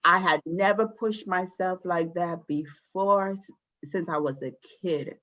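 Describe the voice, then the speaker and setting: A woman's voice: fairly low pitch, a little slow, bright, forceful tone. A woman guest speaking candidly and emotionally about her own experiences. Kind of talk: personal storytelling. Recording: muffled lo-fi audio.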